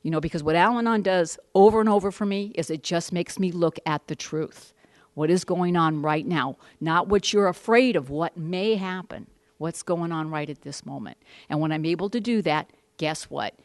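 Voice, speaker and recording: A woman's voice: lowish voice, normal speed, no echo. A middle-aged woman giving a candid, rambling personal testimony at a support group meeting, with wry asides and many restarts.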